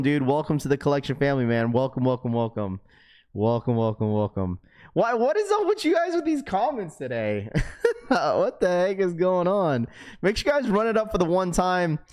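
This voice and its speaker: Dude hosting a stream, fairly high voice, laid back and chatty, laughing a lot. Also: male voice, clear, resonant tone. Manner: chatty, laughs often, lively shout-outs. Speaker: livestream host. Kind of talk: casual livestream chat, reading donations.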